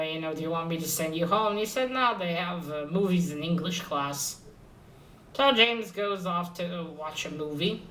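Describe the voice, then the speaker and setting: A woman's voice: lowish voice, fairly bright tone, distant mic, low-quality recording. A woman casually recapping a comic book issue, rambling and hesitant, with many fillers and restarts.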